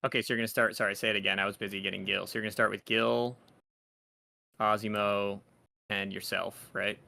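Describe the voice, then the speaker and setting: A man's voice: on the low side, level tone, brisk, creaky, pushed and bright. A man running a tabletop game as dungeon master, narrating scenes loosely with many fillers.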